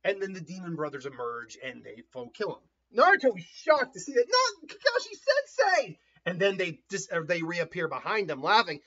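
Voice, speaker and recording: A man casually retelling a story in an animated way, often laughing and acting out voices, on a dull lo-fi recording. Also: a little high, a little fast, few pauses.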